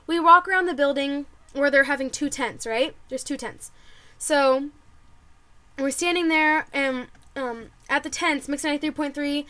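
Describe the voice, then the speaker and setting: A young woman telling a story to camera in casual vlog chat, excitable and full of "like". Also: high voice, normal speed. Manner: bubbly, excitable, lots of "like" and quoted reactions. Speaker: vlogger.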